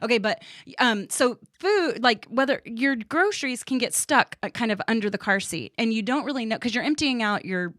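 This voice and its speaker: A woman's voice: on the high side, lively intonation, normal speed, a bit bright, no room sound, clean studio sound. A woman co-hosting a podcast in casual chat, wry and teasing as she tells everyday stories from the southern United States. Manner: wry, teasing, storytelling with asides. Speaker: podcast co-host.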